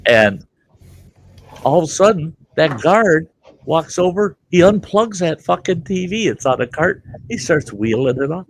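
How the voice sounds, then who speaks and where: Low gravelly male host, lively swooping delivery, rambling and profane. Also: unhurried, a little hiss or hum. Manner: rambling, profane, amused storyteller. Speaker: host telling a story. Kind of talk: casual storytelling chat.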